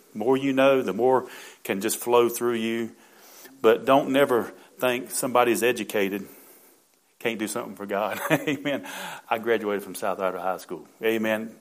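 Male pastor, middle-aged; fervent sermon delivery, frequent amens, surges to loud emphasis. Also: fairly low pitch.

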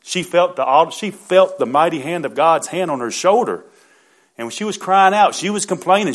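A man's voice: fairly high pitch, lively intonation, moderate pace. Fervent preacher man. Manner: fervent preaching with frequent amens, rising to loud emphatic bursts. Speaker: pastor. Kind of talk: sermon.

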